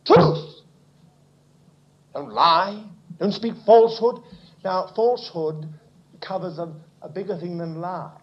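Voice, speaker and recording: A man preaching a sermon, swinging from quiet asides to loud exclamations. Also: sits high, slow, long pauses. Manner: animated preaching, dropping to near-whispers and rising to exclamations. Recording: muffled lo-fi recording.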